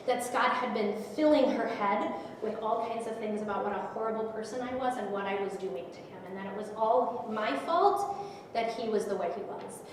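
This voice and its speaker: A middle-aged woman with a high voice tells her story as an emotional personal testimony, acting out the dialogue vividly. She is heard from some distance away in a large hall, and her voice rings with long reverb and faint noise behind it. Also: a little mellow. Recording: echoey hall, speaker far from mic.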